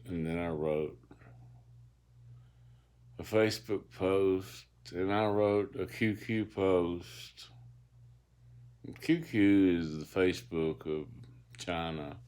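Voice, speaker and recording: A man talks from his bed in a low, deep voice, wandering through reflective, philosophical asides. He takes his time, speaking slowly and unhurriedly, like a self-made audiobook read aloud. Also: a little mellow, smooth. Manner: meandering, reflective, philosophical musing. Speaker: self-published author reading his own audiobook. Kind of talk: rambling spoken-word monologue. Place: lying in bed in a dark room.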